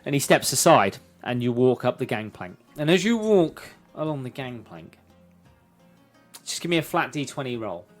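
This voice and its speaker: Male game master narrating a tabletop scene at an even pitch, faint music underneath. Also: normal speed.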